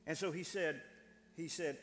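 A man's voice: on the high side, fairly even intonation, a little slow. A man preaching a sermon, building to emphatic, rising lines with repeated words. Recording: light hum in a reverberant hall.

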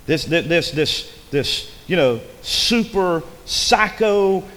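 A man preaching in a church with a somewhat high voice. He is folksy and repeats his phrases, rising to loud emphasis and dropping to hushed asides. The sound carries a long hall reverb. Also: animated, slow pace. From rural upbringing. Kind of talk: sermon.

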